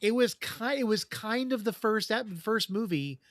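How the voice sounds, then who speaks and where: A man's voice: sits high, expressive, normal speed, no echo, studio quality. A man co-hosting a casual fan podcast, explaining trivia at length with frequent restarts. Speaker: podcast co-host.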